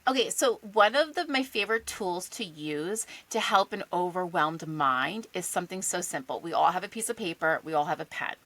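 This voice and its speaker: A woman in her thirties or forties, a guest coach, telling stories in a casual podcast chat with quick asides and rhetorical questions. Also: on the low side, expressive, a bit bright, no room sound, poor audio. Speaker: guest, executive function coach.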